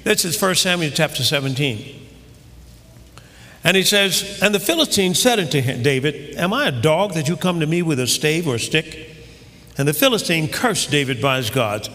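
A fervent male preacher with a high, bright voice that swings widely in pitch. He builds from measured scripture reading to shouted crescendos. The sound carries a long reverb, like a large hall. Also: lively intonation. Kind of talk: sermon.

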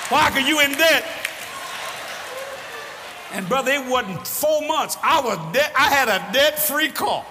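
A fervent older male preacher with a strikingly high voice, often breaking into shouts as he tells folksy stories. He is recorded live in a big echoing hall, with the crowd audible behind him and steady background noise. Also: unhurried, long pauses. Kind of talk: sermon. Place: large church hall with congregation.

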